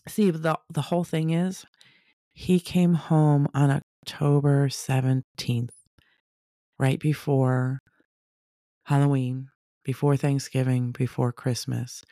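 A woman telling a personal story casually, animated, acting out the people she quotes. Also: a bass voice, takes it slowly, dry recording, clean studio sound. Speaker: storyteller sharing a personal testimony.

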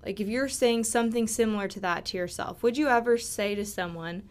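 A woman's voice: mid-range voice, brisk. A young woman hosting a podcast, talking casually with frequent fillers and restarts. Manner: chatty, many fillers and restarts. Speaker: podcast host. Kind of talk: casual monologue on self-love.

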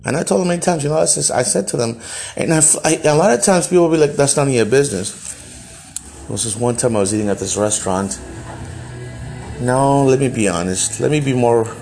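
A man's voice: medium pitch, a little fast, creaky, darkish tone, soft background music. A man from El Salvador hosting a podcast, telling a personal story bluntly and with profanity, often restarting his sentences. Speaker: podcast host.

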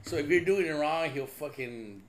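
A man's voice: a little high, expressive, moderate pace. A man hosting a podcast, telling loose, profane stories in casual chat with frequent laughter. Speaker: podcast host.

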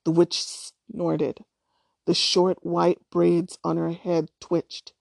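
A woman reading a novel aloud chapter by chapter in a calm, measured way. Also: on the low side, creaky, no echo, clean studio sound. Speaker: storyteller.

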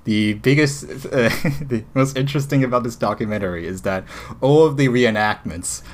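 Excitable rambling male podcast co-host. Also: medium pitch, normal speed. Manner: excitable, rambling with frequent restarts. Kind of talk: casual chat.

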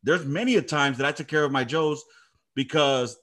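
A middle-aged army veteran who hosts a podcast chats casually, telling stories packed with heavy, emphatic swearing. His voice sits on the high side and is a bit bright, moving at a moderate pace.

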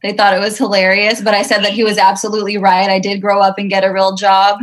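This stand-up guest from Southern California talks quickly in a monotone, medium-pitched voice, giving chatty, self-deprecating interview answers laced with fillers, though the audio is poor.

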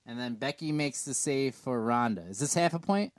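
Male co-host: animated, rambling chat delivery, dry studio sound. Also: medium pitch, normal speed, no echo. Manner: rambling, animated, with many restarts and swearing. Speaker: podcast co-host. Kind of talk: casual wrestling chat.

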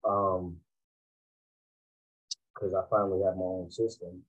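A man's voice: sits low, flat delivery, takes it slowly, highs cut off. A man from Massachusetts, a rapper guest, telling laid-back, slangy stories in a casual interview and laughing often.

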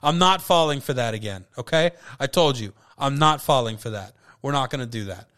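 A man's voice: mid-range voice, animated, brisk, a bit bright. A tipsy man hosting a solo podcast, rambling loosely and swearing, often cutting himself off. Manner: loose, profane, self-interrupting. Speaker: podcast host.

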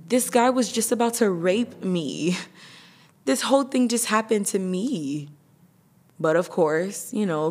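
A young woman hosting a podcast, telling a painful personal story candidly and emotionally, with nervous laughs. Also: on the low side. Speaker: podcast host.

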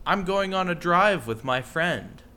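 Playful bright-voiced male podcast host. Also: sits high, expressive, measured pace, clear, resonant tone. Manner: playful, jokey, bursts into mock shouting. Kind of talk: casual podcast banter.

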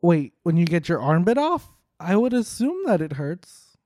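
A young man with a slightly high voice riffs sarcastically as he reacts to a video, tossing off quick jokes and swearing casually. The sound is close and dry, with no room around it. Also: big pitch swings, dark tone, no room sound.

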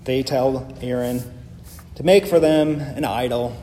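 A man's voice: mid-range voice, slow pace, warm tone, a little hiss or hum. A male pastor preaching a sermon, emphatic and building his points through repeated phrases. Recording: long reverb of a large hall.

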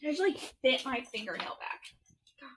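A woman's voice: sits high, animated, normal speed, a bit bright, a little hiss or hum, low-quality recording. A young woman co-hosting a podcast, chatty and teasing in casual conversation. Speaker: podcast co-host. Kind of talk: casual chat.

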